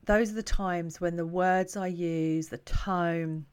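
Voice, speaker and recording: A woman who coaches parents, talking to camera in a calm, reflective, conversational way. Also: on the low side, takes it slowly, clean tone.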